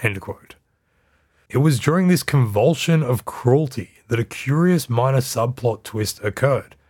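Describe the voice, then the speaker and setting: A man narrating history for a podcast at an even, middle pitch. His telling is measured and scripted, and he drops a dry aside here and there.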